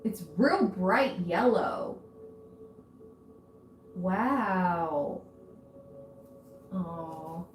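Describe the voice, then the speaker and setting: A woman's voice: lowish voice, slight background noise. A woman giving a tarot reading in a casual, chatty way, easily distracted and often exclaiming aloud. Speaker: tarot reader. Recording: echoey room.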